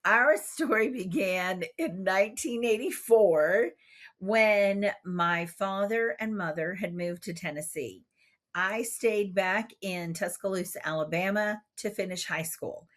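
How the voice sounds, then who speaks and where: A woman's voice: mid-range voice, unhurried, fairly bright tone. A woman in her fifties telling a playful story as a guest in an interview. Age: 50s. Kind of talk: animated storytelling.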